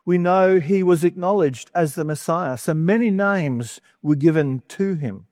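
A man's voice: on the high side, a little slow, a little mellow, no room sound, clean studio sound. A man, giving a conversational Bible teaching as a preacher, with casual, playful asides.

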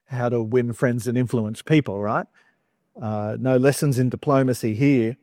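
A man preaching a sermon in a conversational way, with wry asides and animated emphasis. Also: mid-range voice, normal speed, no echo, clean studio sound.

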